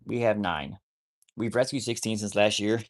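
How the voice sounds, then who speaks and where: A man's voice: lowish voice, normal speed. A man rambling casually to viewers on a live stream about rescuing wolfdogs, often cooing at his dogs.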